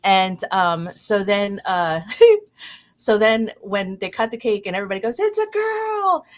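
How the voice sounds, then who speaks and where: A middle-aged woman hosting a casual chat stream, telling a long anecdote with fillers and lively quoted voices. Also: mid-range voice, measured pace. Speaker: stream host.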